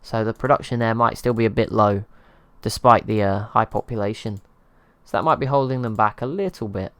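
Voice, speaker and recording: A man's voice: on the low side, fairly quick, fairly bright tone, clean tone, dry recording, clean studio sound. A man hosting his gaming channel, giving casual, rambling commentary over strategy gameplay and laughing at himself. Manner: rambling, self-deprecating, chuckles at himself.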